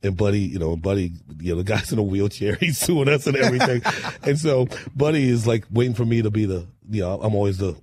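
A man, a musician guest on a talk show, telling animated stories that he laughs through and acts out. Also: lowish voice, quick pace, no room sound. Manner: lively storyteller, laughs through punchlines, acts out quotes.

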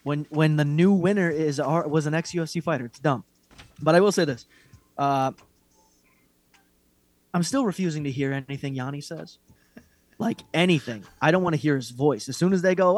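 Male podcast co-host, slightly high voice, dry close sound, blunt and mocking rants, profane. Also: moderate pace, no echo. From Irish heritage. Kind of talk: casual MMA chat.

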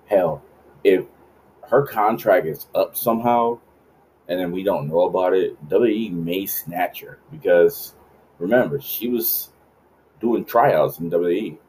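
A man's voice: low-pitched, a little slow, darkish tone, a little hiss or hum, rough recording. A man in his late thirties hosting a podcast, rambling casually and swearing freely. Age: late 30s. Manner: rambling, profane, laid-back. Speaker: podcast host.

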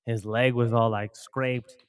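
Relaxed slangy man telling stories. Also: mid-range voice, measured pace, clean tone. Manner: relaxed, slangy storyteller who quotes friends. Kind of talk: casual storytelling among friends.

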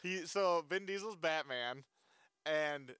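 Chill guy rambling about a movie, bright clear voice, mid pitch. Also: takes it slowly. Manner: loose, filler-heavy, laughs often. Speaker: movie reviewer. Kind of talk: casual chat.

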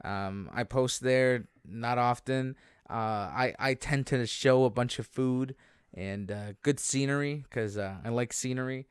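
Give me a young man from Canada with a smooth, clear voice, joking in casual podcast talk. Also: medium pitch, measured pace, dry recording, clean studio sound. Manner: short agreeing replies, joking asides. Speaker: podcast co-host. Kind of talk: casual chat.

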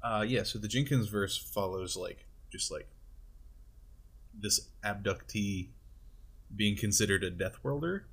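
A man with a low, slightly husky voice chats casually as a podcast co-host. He rambles through long explanations, stacking fillers as he goes. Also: a little slow, long pauses, a bit bright. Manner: rambling, filler-heavy storytelling. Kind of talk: casual chat.

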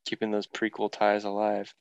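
A man's voice: lowish voice, completely flat delivery, moderate pace, creaky, clear, resonant tone, no echo, highs cut off. A young man co-hosting a podcast, talking in a laid-back, joking way. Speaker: podcast co-host. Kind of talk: casual chat.

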